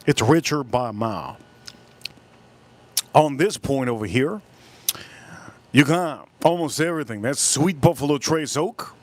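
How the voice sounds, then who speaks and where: A man's voice: mid-range voice, animated, dry recording. Rambling Miami-accented man. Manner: rambling, drawn-out words. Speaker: live-stream host. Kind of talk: casual live-stream chat. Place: cold room at home.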